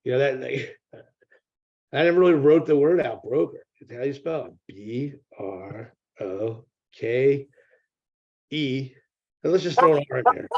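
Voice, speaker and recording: A man's voice: on the high side, a little fast, dull audio. A man, a real estate broker, is a guest in a casual interview over a remote call. He rambles, repeats words and swears freely.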